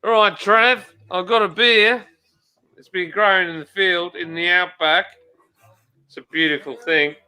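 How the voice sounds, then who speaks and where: A man's voice: sits high, steady tone, measured pace, sharp tone, clear, resonant tone, full character voice. A man putting on a cheerful Australian bloke voice, breezy and sing-song.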